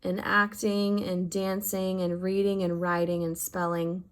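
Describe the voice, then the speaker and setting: A woman's voice: lowish voice, level tone, unhurried, smooth. A woman teaching her fifth grade math class in a recorded lesson, talking to her students in a heartfelt, affectionate and encouraging way. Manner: encouraging, upbeat teaching talk.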